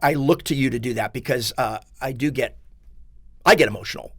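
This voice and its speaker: Fast-talking earnest middle-aged man. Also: medium pitch, a bit bright, no room sound, studio quality. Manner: earnest, emphatic, self-deprecating. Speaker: attorney and book author, guest. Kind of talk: casual podcast conversation.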